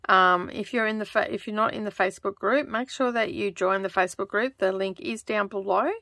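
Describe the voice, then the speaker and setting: An Australian woman chatting casually as she stitches, rambling and laughing often, keeping her voice lowered toward a close microphone in her home craft studio. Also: fairly even intonation, fairly quick, gravelly, sharp tone, no room sound. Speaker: craft vlogger. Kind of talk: casual chat while stitching. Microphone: close microphone in front of her.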